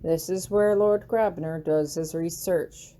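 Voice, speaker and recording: A woman's voice: lowish voice, fairly even intonation, takes it slowly, dark tone. A woman voicing a stern male magical servant, speaking in a formal, clipped way. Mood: grave.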